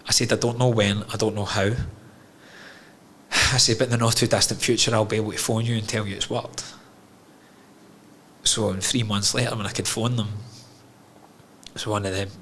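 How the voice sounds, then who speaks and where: A man's voice: fairly low pitch, little pitch movement, normal speed, long pauses, fairly bright tone, a little hiss or hum. A man, a podcast guest telling his own story candidly, frank and emotional, swearing freely.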